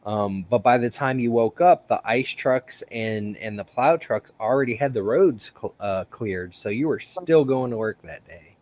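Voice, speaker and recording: A man's voice: medium pitch, measured pace, hardly any pauses, a little mellow. A man hosting a casual live stream, rambling with many fillers and frequent laughs. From United States. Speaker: host.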